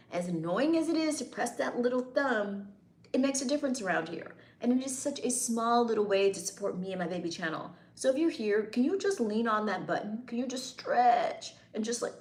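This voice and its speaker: A woman's voice: medium pitch, roomy sound. A woman hosting a casual livestream, reading chat comments and teasing her viewers playfully.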